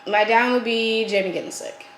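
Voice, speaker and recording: A woman's voice: a little high, fairly even intonation, normal speed, reverberant, slight background noise, rough recording. A woman co-hosting a casual podcast chat, explaining herself in a reflective way with lots of "like.". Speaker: podcast co-host.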